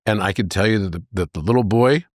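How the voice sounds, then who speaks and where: Guy on a podcast, lowish voice, dry close mic, tells stories with lots of energy. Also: fast, dry recording. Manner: animated storyteller, jumping into high voices for characters. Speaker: podcast guest. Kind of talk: conversational storytelling.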